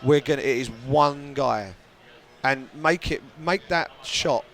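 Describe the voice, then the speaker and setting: A man's voice: medium pitch, takes it slowly, fairly bright tone. A man from the UK, a journalist guest in a casual podcast chat, talking thoughtfully and often restarting his phrases.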